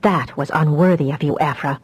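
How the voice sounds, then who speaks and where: A woman voicing a dramatic, quick-tempered young woman telepath in an audiobook. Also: medium pitch, animated, a little mellow, lightly acted. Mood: rueful.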